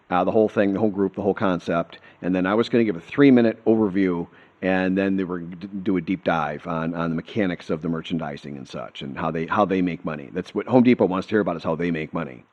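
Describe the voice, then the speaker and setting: A man's voice: deep voice, highs cut off. An American man hosting a casual storytelling monologue, talking in an earnest, heartfelt and rambling way. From United States. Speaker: host.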